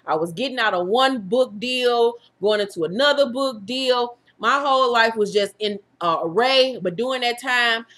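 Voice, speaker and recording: A woman in her thirties with a bright, forceful voice, speaking straight to her viewers as a YouTube host. She talks frankly and swears freely, and she laughs through the hard parts of her story. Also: on the high side, normal speed, hardly any pauses. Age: 30s. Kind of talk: candid personal storytelling to viewers.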